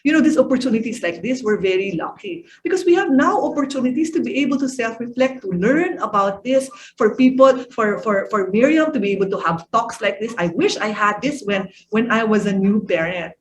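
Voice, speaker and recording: High-voiced woman coaching parents. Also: lively intonation, brisk, few pauses, slight background noise. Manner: coaching, asks the audience questions. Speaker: parenting speaker and executive coach. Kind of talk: online parenting talk.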